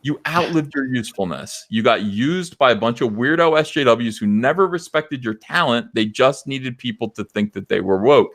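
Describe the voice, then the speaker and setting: A man hosting a live stream, ranting loudly and passionately and mocking others in put-on voices. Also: mid-range voice, animated, normal speed, few pauses. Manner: loud, impassioned, mocking impressions. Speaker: livestream host. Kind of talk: heated livestream rant.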